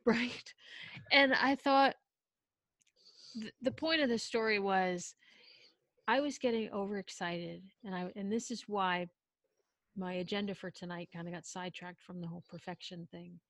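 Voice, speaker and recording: A woman recounts a story in a loose, conversational way, jumping into quoted lines and cutting herself off mid-thought. Her voice sits at an ordinary middle pitch. The recording is dry and close, with no room sound. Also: normal speed, long pauses, no room sound. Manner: animated, acts out quotes, self-interrupting. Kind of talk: casual storytelling.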